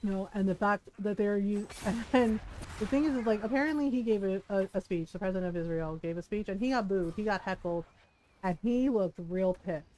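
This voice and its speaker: A woman's voice: medium pitch, brisk, mellow, slight background noise, low-quality recording. A woman streamer ranting casually and heatedly, swearing freely and tossing in rhetorical questions. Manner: heated, profane, rhetorical asides. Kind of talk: casual livestream rant.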